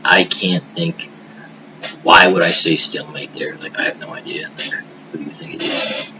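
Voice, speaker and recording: A man recorded on a webcam at home, telling a long, rambling personal story full of swearing that often drops into hushed murmurs. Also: low voice, little pitch movement, normal speed, lo-fi sound. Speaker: vlogger. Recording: noisy hiss behind the voice.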